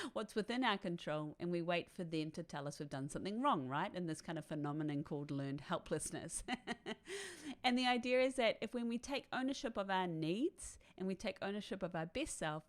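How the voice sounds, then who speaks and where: A woman with a somewhat low voice leads a guided self-reflection talk. She coaches in a chatty way, checks in with her listeners and often laughs lightly between points. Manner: warm, chatty coaching with frequent "right?" tags and laughs. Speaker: author and workshop guide.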